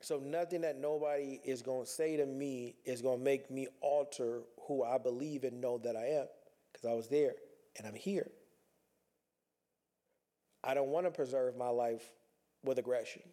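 A man's voice: medium pitch, fairly even intonation, moderate pace, dark tone. A man talking earnestly in a reflective personal monologue, conversational and repeating himself as he works through his thoughts.

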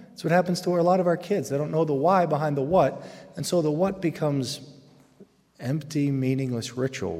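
A man giving a humorous faith talk to a live audience, animated and jokey, with loud excited bursts. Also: fairly high pitch, a little fast. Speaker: Catholic speaker. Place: large hall with audience. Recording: long hall reverb.

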